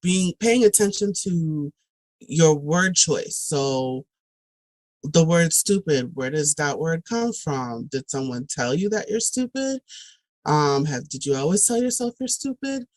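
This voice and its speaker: A woman's voice: low-pitched, expressive, unhurried, darkish tone, no echo, poor audio. A woman talking on a podcast as a guest, reflective and thoughtful, with many ums and restarts. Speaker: podcast guest, tutoring director. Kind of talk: casual podcast talk.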